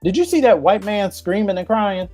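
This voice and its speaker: A man's voice: high voice, lively intonation, normal speed, dark tone, soft background music. A man hosting a podcast, delivering a blunt, emphatic and profane opinion rant. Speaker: podcast host.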